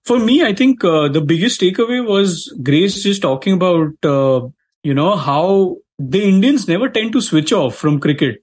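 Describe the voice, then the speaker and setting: Husky-voiced male co-host. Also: sits high, expressive, moderate pace, darkish tone. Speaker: sports show co-host. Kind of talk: casual sports talk.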